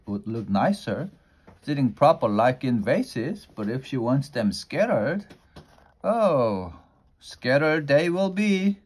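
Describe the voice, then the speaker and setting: A man voicing a simple-hearted, literal-minded housemaid in a homey, folksy drawl, a little above his usual pitch. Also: sing-song, slow, breathy edge, heavily acted.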